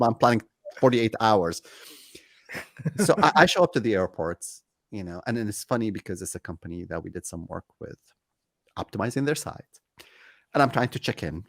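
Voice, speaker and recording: Man, low voice, dry close sound, animated storytelling, interview guest. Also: dry recording. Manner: animated, acts out both sides of anecdotes. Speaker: guest, company CEO.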